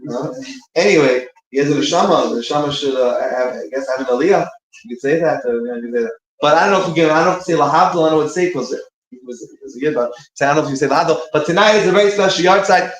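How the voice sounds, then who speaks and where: A man's voice: on the high side, very fast. Rambling man teaching in an echoey room. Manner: rambling, searching for words, many restarts. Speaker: speaker giving a short talk between prayers. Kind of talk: informal teaching talk. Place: synagogue room.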